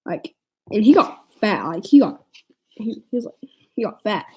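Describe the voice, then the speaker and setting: A woman's voice: medium pitch, very animated, normal speed, a little mellow, husky, low-quality recording. A teenage girl telling a storytime vlog, rambling along with lots of "like" fillers and restarts. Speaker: vlogger.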